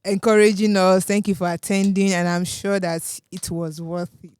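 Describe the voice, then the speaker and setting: A woman's voice: on the low side, little pitch movement, normal speed, darkish tone, clear, resonant tone, no echo. A Nigerian woman with a Nigerian accent, co-hosting a casual studio podcast in a playful, teasing way. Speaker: podcast co-host. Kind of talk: casual chat.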